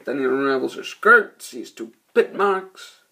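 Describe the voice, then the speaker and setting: A man rambles through a casual movie review, swearing freely and loosely retelling scenes. His voice has a gravelly, creaky edge with a slightly husky grain, sitting at an ordinary middle pitch. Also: expressive, a little slow, bright, forceful tone. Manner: rambling, profane, laid-back. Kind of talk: casual spoken film review.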